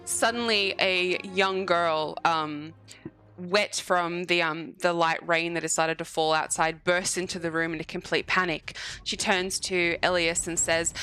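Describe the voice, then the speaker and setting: A woman narrating a tabletop game as dungeon master, animated and quick to laugh. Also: lowish voice, soft background music. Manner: giggly, animated.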